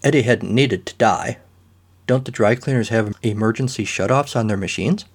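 A man's voice: lowish voice, normal speed. A man voicing a cool, commanding male private-eye boss in a comedic audio story. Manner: smooth, clipped and commanding.

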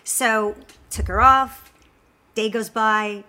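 A woman's voice: fairly high pitch, takes it slowly. A woman guest in casual chat, telling a personal story and acting out what others said. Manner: animated storyteller, acts out quotes.

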